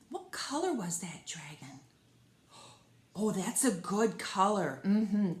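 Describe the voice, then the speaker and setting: A woman wrapping up a children's storytime, chatting softly and warmly to a puppet and her young viewers. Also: mid-range voice, roomy sound. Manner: soft, chatty, talking to a puppet. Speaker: children's librarian. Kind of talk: gentle wrap-up talk to children.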